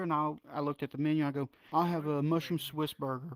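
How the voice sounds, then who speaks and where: A man from North Georgia, telling biker stories in a casual, profane, animated way. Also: fairly high pitch, quick pace. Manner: profane, drawling, animated retelling. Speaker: storyteller. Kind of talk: casual storytelling.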